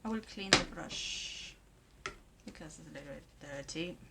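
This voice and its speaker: A woman from Argentina, talking through a makeup tutorial in a hesitant way with many pauses and fillers. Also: low-pitched, vocal fry, heavy background noise. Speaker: makeup vlogger.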